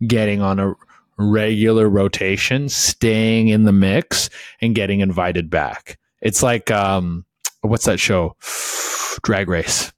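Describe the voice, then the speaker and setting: A man's voice: fairly low pitch, steady tone, takes it slowly, no room sound. A man comedian co-hosting a podcast, joking crudely in a laid-back way. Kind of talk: casual podcast chat.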